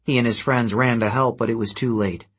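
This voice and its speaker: A man narrating a fantasy adventure story in a steady, even storytelling manner. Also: mid-range voice, fairly quick, husky. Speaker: audiobook narrator. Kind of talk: scripted narration.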